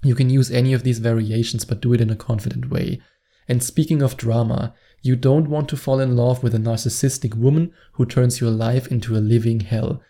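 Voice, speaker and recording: A man's voice: mid-range voice, steady tone, brisk, mellow. A man giving dating advice straight to camera, stressing points by repeating words over and over. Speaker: dating coach. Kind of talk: direct-to-camera advice vlog.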